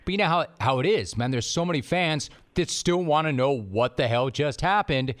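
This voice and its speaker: A man's voice: on the high side, expressive, moderate pace, fairly bright tone. A man hosting a podcast interview, asking questions enthusiastically and emphatically. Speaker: podcast host.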